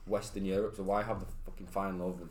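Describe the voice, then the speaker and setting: A man's voice: deep voice, level tone, darkish tone. A man in casual football chat, blunt and sweary, often cutting in. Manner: blunt, sweary, quick to interrupt. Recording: echoey room with faint background noise.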